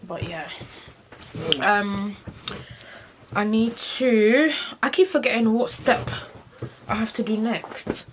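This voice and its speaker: A woman in her twenties, chatting softly as she narrates her makeup steps at home. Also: on the high side, slow pace, pauses often. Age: 20s. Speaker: vlogger. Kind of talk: casual chat. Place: at home, getting ready. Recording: noisy home video recording.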